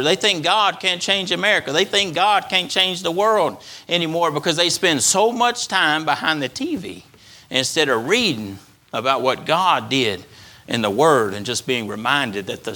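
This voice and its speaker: A pastor preaches a sermon in a fairly high, bright and forceful voice. He repeats phrases for emphasis, his voice rising and falling.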